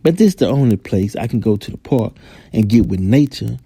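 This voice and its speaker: A man hosts a podcast alone, ranting in a heated, profane commentary. His voice is mellow and dark, recorded dry and close with no room sound. He often acts out the people he talks about. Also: on the low side, animated, a little fast, vocal fry, breathy edge, dry recording. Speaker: podcast host. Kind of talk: angry commentary monologue.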